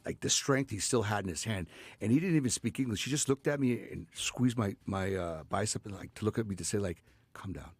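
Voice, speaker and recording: A man's voice: fairly low pitch, vocal fry, husky, dry recording. A man in his fifties, a chef guest in a radio studio, chatting casually with many fillers and restarts. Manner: rambling, lots of fillers and restarts.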